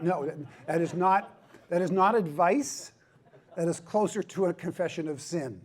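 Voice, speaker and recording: A slightly high-voiced middle-aged man gives a funny conference talk at a ministry event. He pokes fun at himself, jokes freely and hammers points home through repetition, all at a moderate pace.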